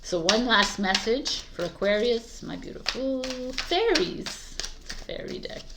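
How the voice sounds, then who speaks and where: A woman's voice: mid-range voice, big pitch swings, unhurried, vocal fry, very noisy. Woman, tarot reader, casual monologue, emphatic, laughs often.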